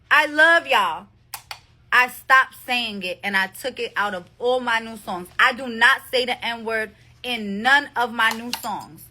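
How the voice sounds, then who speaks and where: A woman's voice: fairly high pitch, sharp tone. Emphatic New Jersey woman in her thirties. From New Jersey, USA. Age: 30s. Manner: emphatic, repetitive, defensive, profane. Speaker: live streamer addressing followers. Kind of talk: casual livestream monologue. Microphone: phone.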